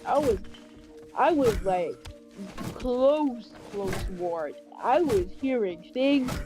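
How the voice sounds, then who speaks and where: Young woman streamer, animated storyteller, swears freely, faint music behind. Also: a little high. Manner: animated, swears a lot, laughs often. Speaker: livestreamer. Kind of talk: casual storytelling chat.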